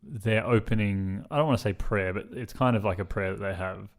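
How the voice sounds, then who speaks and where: Teasing man, lowish voice. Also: a little fast. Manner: teasing, playful banter. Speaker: podcast co-host. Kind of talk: casual chat.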